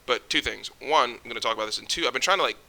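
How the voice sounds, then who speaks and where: Young guy ranting to the camera, super bright edgy voice, jittery, trips over his words, swears a lot. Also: mid-range voice, rapid-fire, creaky. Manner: swears often, rambling restarts. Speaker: vlogger. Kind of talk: casual ranting monologue.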